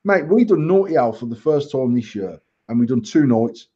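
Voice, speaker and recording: A man's voice: mid-range voice, animated, normal speed, dark tone, highs cut off. Sweary ranting man on a podcast. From England. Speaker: podcast co-host. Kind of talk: casual podcast rant. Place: living room at home.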